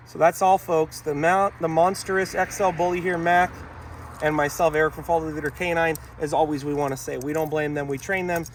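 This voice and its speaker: Speaking briskly and in a steady tone, a man with a fairly high voice delivers an outdoor dog training talk in a town, urging on viewers he calls folks. A slight hiss or hum runs under the recording.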